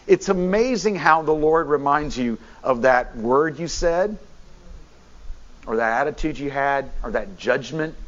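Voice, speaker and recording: A bishop preaching a sermon, his fairly high voice animated and full of restarts and repeated words. The sound is dull and lo-fi, as if heard through a muffled recording. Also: a little slow.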